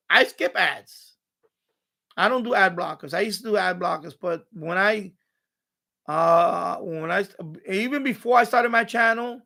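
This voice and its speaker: A man's voice: sits high, creaky, pushed and bright. A man hosting a home live stream from his radio room, rambling and ranting with profanity and mocking asides.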